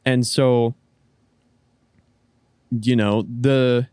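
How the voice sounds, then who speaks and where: A man's voice: medium pitch, steady tone, very slow, darkish tone, smooth, no room sound. A man co-hosting a casual podcast, rambling through his point with frequent restarts and casual swearing. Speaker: podcast co-host.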